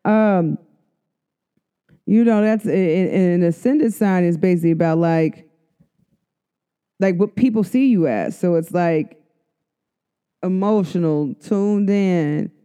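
A woman's voice: lowish voice, takes it slowly, pauses often, dark tone, clear, resonant tone. A woman who reads oracle cards gives a casual spoken astrology update. She talks chattily to her viewers, addresses them directly and laughs often.

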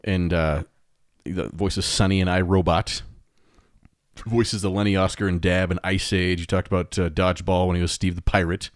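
A man with a fairly low voice co-hosts a casual podcast, joking and laughing between facts he reads aloud. The sound is dry and close, with no room around it. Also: little pitch movement, normal speed, no echo. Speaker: podcast co-host. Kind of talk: casual chat.

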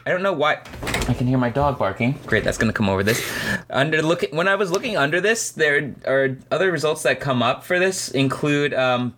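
A man's voice: medium pitch, bright, forceful tone. A young man co-hosting a casual podcast, rambling and correcting himself as he chats. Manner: rambling, self-correcting, tired. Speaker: podcast co-host. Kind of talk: casual chat.

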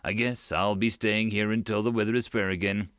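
A man's voice: fairly low pitch, fairly even intonation, fairly quick, a bit bright, dry recording, clean studio sound, natural voice. A man voicing a flirtatious, pompous male fleet master who speaks in flowery, eager compliments. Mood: charming.

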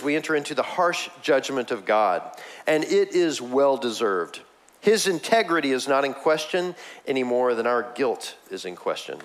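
Here a lively pastor preaches, his delivery rising to forceful, high-pitched emphasis and dropping to hushed, low moments. He talks to the congregation conversationally, with chuckles and asides along the way.

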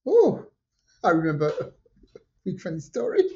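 A woman with a French accent, a native French speaker, telling animated stories in a casual podcast chat and acting out the voices of the people in them. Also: lowish voice, moderate pace, lo-fi sound. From France. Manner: animated, acts out quoted voices, repeats herself. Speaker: podcast co-host. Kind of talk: casual conversational storytelling.

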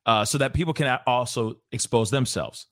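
A man's voice: mid-range voice, a little fast, a bit bright, no echo, studio quality. A man hosting a casual interview show, laid-back and slangy, joking as he corrects himself. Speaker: podcast host. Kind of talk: casual chat.

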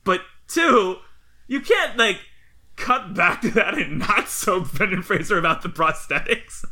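Bright-voiced man rambling through a film recap. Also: measured pace. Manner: rambling, animated, laughs often, breaks into high-pitched impressions. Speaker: podcast co-host. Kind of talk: casual chat, recapping a film.

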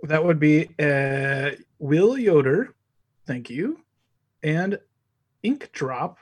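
A man's voice: a little high, expressive, very slow, slightly rough, no echo. A man co-hosting a podcast in casual chat, wry and teasing. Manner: wry, teasing, laid-back. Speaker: podcast co-host.

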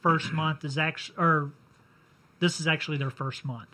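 A man's voice: a little high, fairly even intonation, sharp tone. A man co-hosting a radio show, chatting casually and stumbling over his words. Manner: halting, restarts often. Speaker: radio co-host. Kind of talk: casual chat.

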